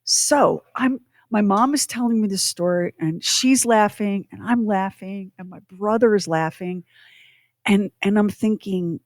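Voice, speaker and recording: A woman's voice: medium pitch, lively intonation, measured pace, a little mellow, dry recording, clean studio sound. A middle-aged woman co-hosting a podcast, telling a personal story in an earnest, reflective way. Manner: earnest, reflective, speaking openly about her past. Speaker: podcast co-host.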